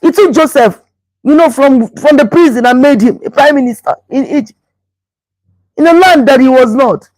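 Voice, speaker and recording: A woman's voice: sits high, normal speed, darkish tone, dry recording, low-quality recording. Emphatic woman pastor preaching. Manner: emphatic, repeats phrases for emphasis. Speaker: pastor and show host. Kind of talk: motivational relationship preaching.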